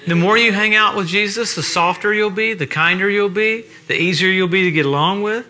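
A man preaching a sermon in a church, telling stories with animated, laughing energy. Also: high-pitched, brisk.

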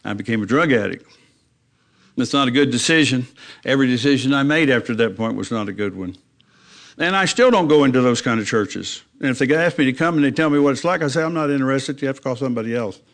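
A man's voice: animated, quick pace, fairly bright tone. Plain-spoken older man telling a testimony. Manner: plain-spoken storytelling, acting out his own dialogue with rising pitch when emotional. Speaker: preacher giving testimony. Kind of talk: personal testimony in a church talk.

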